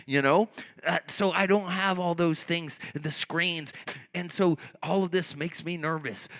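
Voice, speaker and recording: A middle-aged American man telling profane, animated stories to a live theatre audience, swinging between hushed asides and shouted outbursts. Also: mid-range voice. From United States. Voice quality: gravelly. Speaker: spoken-word performer. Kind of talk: stand-up storytelling on stage. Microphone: handheld stage microphone.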